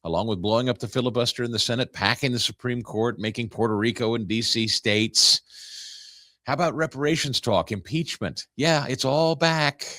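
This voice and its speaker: A man's voice: medium pitch, normal speed, pushed and bright, dry recording, studio quality. A man hosting a political talk show, commenting in a sarcastic, incredulous way.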